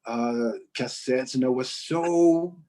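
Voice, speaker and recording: A Mexican man, a musician and composer, speaking English with a faintly British lilt as a guest in a casual interview, relaxed and hesitant. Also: medium pitch, slow pace. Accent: slightly British-sounding English. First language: Spanish. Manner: relaxed, hesitant with many fillers.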